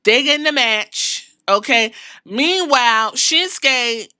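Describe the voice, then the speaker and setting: A woman's voice: high-pitched, expressive, takes it slowly, pushed and bright, dry recording, clean studio sound. A woman hosting a podcast, recapping wrestling in a sassy, profane storytelling way and acting out what the wrestlers said. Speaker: podcast host.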